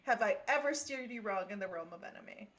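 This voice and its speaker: A woman's voice: medium pitch, animated, fairly quick, a bit bright. A woman co-hosting a podcast in casual chat, teasing and confident. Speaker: podcast co-host.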